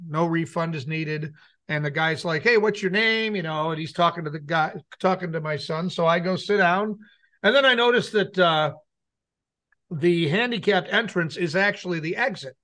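A man's voice: a little high, moderate pace, sharp tone. A middle-aged man co-hosting a talk show, telling a rambling personal story and acting out what people said. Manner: rambling anecdote with acted-out quotes. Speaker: radio show co-host. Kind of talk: casual storytelling chat.

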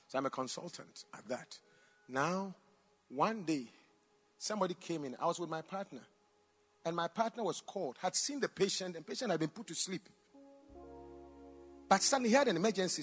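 A man, a pastor and doctor, preaching a sermon with personal stories, swinging between loud exclamations and quiet asides, in a church hall. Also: sits high, slightly rough. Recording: long reverb in a large hall.

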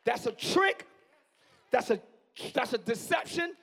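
A hoarse man in his forties preaching a live sermon as pastor, swinging from quiet musing to yelling. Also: extremely high pitch, lively intonation, measured pace. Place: church sanctuary.

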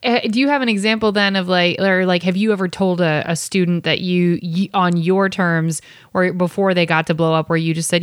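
A woman hosts a casual interview, reacting quickly and laughing easily along with her guest. Her voice is recorded dry and close. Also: fairly low pitch, fairly even intonation, no echo.

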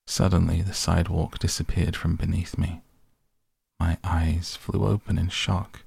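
A man reading an audiobook in a measured, steady way. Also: low-pitched, gravelly, slightly rough, no room sound. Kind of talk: audiobook narration.

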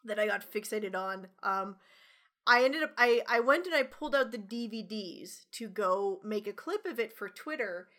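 A woman's voice: mid-range voice, lively intonation, normal speed, fairly bright tone. A woman co-hosting a podcast in casual chat, ranting animatedly with lots of swearing and laughter. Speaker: podcast co-host.

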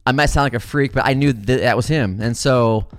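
A middle-aged man telling a story in a casual, animated way, swearing freely and calling his listeners guys. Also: medium pitch, fairly quick, dry recording, clean studio sound, soft background music.

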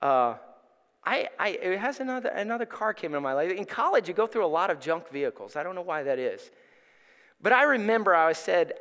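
Middle-aged man pastor telling a story from the pulpit, high bright voice, big church echo. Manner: animated, acts out voices in his stories. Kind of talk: storytelling sermon. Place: church sanctuary. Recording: reverberant church hall.

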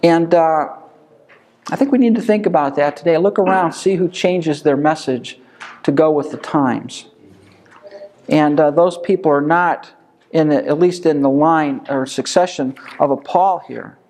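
A man's voice: on the high side, measured pace, darkish tone. A man leading an informal Bible study lesson, speaking conversationally and firing off rhetorical questions that he answers himself.

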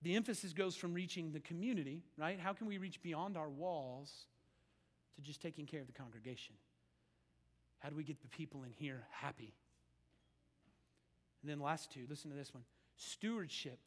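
A male pastor preaching in a conversational way, swinging from loud emphasis to hushed lines in a church sanctuary. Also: on the high side, a little fast, long reverb tail. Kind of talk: sermon.

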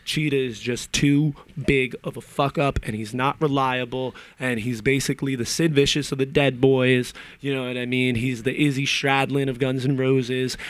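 A man's voice: medium pitch, dry recording. A man on a podcast ranting about a movie in a casual, profane and opinionated way, wandering off into side stories. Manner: profane, opinionated, digressive storytelling.

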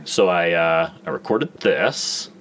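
Deep-voiced rambling man. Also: expressive, takes it slowly, a bit bright, slight background noise. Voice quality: rambling, hesitant, many fillers. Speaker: podcast co-host, musician. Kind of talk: casual chat.

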